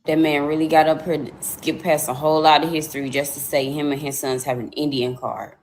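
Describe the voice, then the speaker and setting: A woman with a very low voice rants bluntly in a social media clip, and she is dismissive as she talks. A faint hiss runs under her voice. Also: flat delivery, brisk, darkish tone. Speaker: clip speaker.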